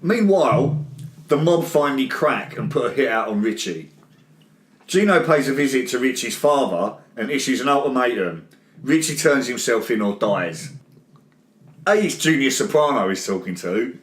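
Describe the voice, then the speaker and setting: A man hosting a casual film review chat. He is animated and laughs often. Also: mid-range voice, normal speed, roomy sound. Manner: animated, laughing, does mocking impressions. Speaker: podcast host.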